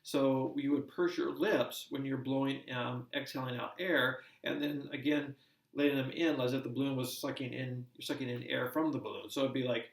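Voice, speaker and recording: A man teaching a recorded lesson, explaining at a measured pace with frequent fillers and restarts. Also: medium pitch, fairly even intonation, gravelly, far from the mic. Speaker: course instructor. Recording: roomy echo, speaker away from mic.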